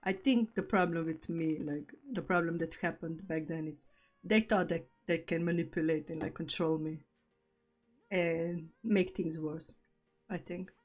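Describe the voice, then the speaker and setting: A woman's voice: low voice, fairly even intonation, unhurried, soft background music. A young woman streamer, not a native English speaker, chatting casually and telling stories with frequent laughs. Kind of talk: casual live-stream chat.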